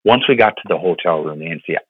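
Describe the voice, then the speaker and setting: Speaking a little fast in a low, slightly rough voice, this thirty-something pastor from Florida shares a personal story as a podcast guest. He's animated yet earnest and heartfelt, leaning on fillers and repeated words, and the recording is dry and tinny like a phone line.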